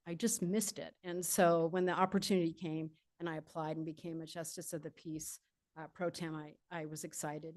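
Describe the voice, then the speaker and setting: Middle-aged woman, farewell speech, rambling, lots of fillers, emotional catch in the voice. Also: on the low side. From California. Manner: rambling and warm, with many fillers and restarts. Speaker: retiring judge giving farewell remarks. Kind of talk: informal farewell speech at a public meeting.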